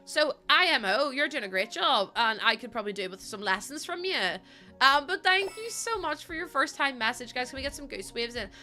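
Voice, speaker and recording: A chatty young woman streams a building game and talks to her viewers in a high, bright voice. Her pitch bounces all over as she giggles and gushes her thanks. Soft game music plays underneath. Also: animated, fairly quick. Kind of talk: casual live-stream chat while gaming. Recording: faint game music behind.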